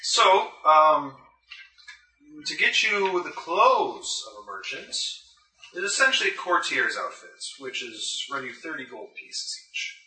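Bright-voiced game master, far off. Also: male voice, a little high, sing-song, takes it slowly. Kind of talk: running a tabletop game. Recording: echoey room, mic far off.

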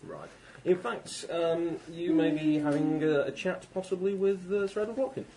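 A man running a tabletop role-playing game, narrating with many pauses and fillers. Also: fairly high pitch, warm tone, slight background noise. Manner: hesitant, many ums and restarts. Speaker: game master.

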